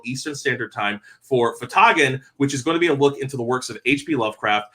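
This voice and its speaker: A man's voice: mid-range voice, pushed and bright. A man hosting a casual online panel chat, rambling and heartfelt, stammering through frequent restarts. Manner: heartfelt and effusive. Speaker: panel host.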